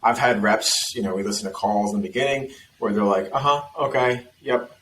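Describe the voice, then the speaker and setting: A man hosting a casual sales podcast, talking in a relaxed, rambling way. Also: on the low side, quick pace, a little hiss or hum, rough recording. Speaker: host.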